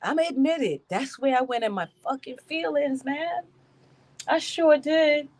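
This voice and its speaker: A woman hosting a casual live stream, animated and laughing, greeting her chat by name. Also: high voice, fairly quick.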